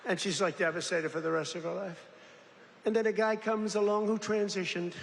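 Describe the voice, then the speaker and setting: A man's voice: high voice, steady tone, fairly quick, gravelly. Older man rambling at a rally. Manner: rambling, boastful, mocking asides. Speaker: politician at a campaign rally. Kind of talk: off-the-cuff rally speech. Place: large rally venue. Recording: reverberant rally hall, faint background noise.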